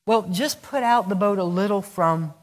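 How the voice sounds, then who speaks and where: Set in a church sanctuary with long, echoing reverb, a male pastor with a high-sitting voice preaches at a moderate pace. He asks the congregation questions, answers on their behalf, and dramatizes short prayers and replies.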